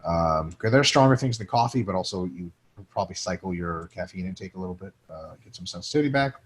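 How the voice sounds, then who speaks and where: A man's voice: sits low, lively intonation, fast talker. A man co-hosting a casual podcast, joking and swearing freely while reading listener questions aloud and answering them. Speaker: podcast co-host.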